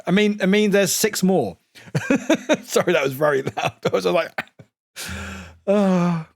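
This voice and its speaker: A man streaming a game live, excitable and swearing freely as he chats back to his viewers. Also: high voice, slow pace, gravelly, no echo, clean studio sound. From United Kingdom.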